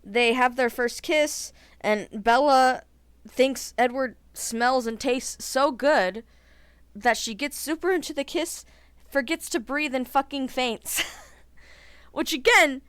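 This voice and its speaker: A woman chatting in a casual vlog, animated and talkative, filling her speech with "like" and laughing at her own opinions. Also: high voice, takes it slowly, smooth, dry recording. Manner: chatty and animated, heavy use of "like". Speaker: vlogger.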